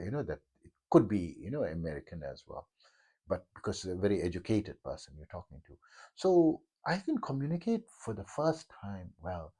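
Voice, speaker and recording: A middle-aged man speaks in a low, dark and husky voice, a yoga teacher wandering through a long personal monologue. His pitch swings lively up and down as he circles back on himself with fillers and false starts. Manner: meandering, many fillers and restarts.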